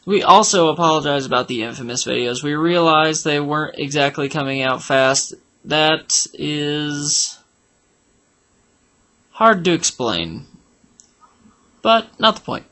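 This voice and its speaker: A man's voice: a little high, measured pace, bright, forceful tone. A man giving casual, rambling gameplay commentary for a walkthrough, joking and humming tunes as he plays. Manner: rambling, jokey, hums and sings while playing. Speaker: game walkthrough narrator.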